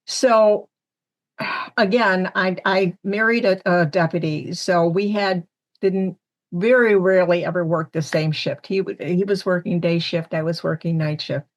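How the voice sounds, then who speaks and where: A woman from the Syracuse, New York area, a medium on a panel podcast, speaks a little slowly in a lowish voice. She's an animated storyteller, sharing personal stories and acting out the lines of the people in them.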